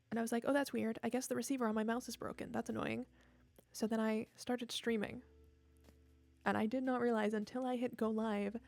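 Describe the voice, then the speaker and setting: A woman's voice: on the high side, vocal fry, darkish tone, no room sound. A tired young woman streaming from home, chatting casually into a desk mic in a rambling, self-deprecating way. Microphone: desk microphone.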